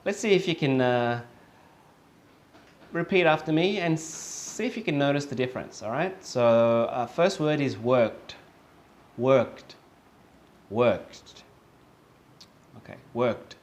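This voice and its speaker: A man teaching English, speaking slowly and patiently, repeating example words several times and checking in with "okay?" often. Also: a little high, expressive. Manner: slow and patient, with many fillers and checks of "okay?". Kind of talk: online lesson.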